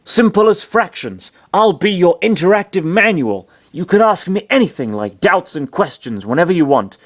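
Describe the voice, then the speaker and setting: A man's voice: a little high, expressive, normal speed, pitched above the performer's own voice, lightly acted. A man reading aloud and voicing an upbeat, boastful male doctor who lives inside a game console and likes to taunt. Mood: cheery.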